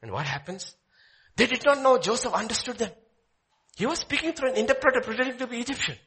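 A male pastor, preaching a sermon and swinging between loud declaiming and hushed pleading. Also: extremely high pitch, animated, fast talker.

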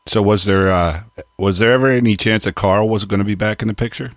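A man's voice: lowish voice, steady tone, a little fast, no room sound, studio quality. A man hosting a radio interview show, asking brief conversational questions. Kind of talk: casual interview chat.

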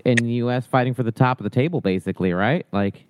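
A man co-hosting a podcast who asks short, brisk questions in casual chat. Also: mid-range voice, slight background noise.

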